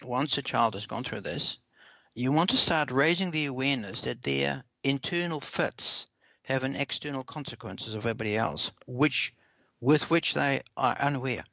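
A man answering interview questions in a measured, earnest way, often repeating words as he explains. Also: medium pitch, gravelly, pushed and bright, dry recording. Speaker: parenting expert guest. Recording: dull lo-fi dry recording.

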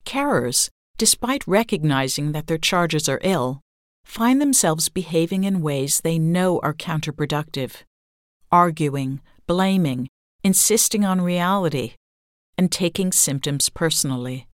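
A woman reading a long-form essay aloud as scripted narration, in a measured, even-toned way. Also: low voice, no echo, clean studio sound.

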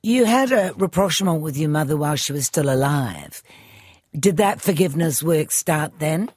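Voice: mid-range voice, lively intonation, moderate pace, darkish tone, husky, dry recording, studio quality. An interviewer asking probing, conversational questions. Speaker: radio interviewer.

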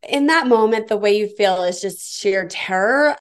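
A woman's voice: mid-range voice, animated, normal speed. A middle-aged woman from the United States, an interviewee tensely and vividly retelling a personal ordeal. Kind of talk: personal account.

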